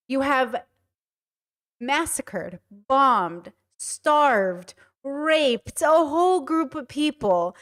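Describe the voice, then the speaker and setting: High-voiced woman ranting on a live stream. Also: extremely slow. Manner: blunt, animated, swears a lot, laughs often. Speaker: streamer reacting to a clip. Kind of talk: casual live-stream commentary.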